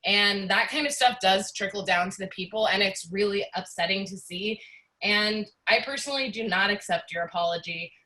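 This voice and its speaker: Upset public commenter, female, bright tense tone, hesitant delivery. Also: mid-range voice, normal speed, low-quality recording. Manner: earnest, upset, many fillers.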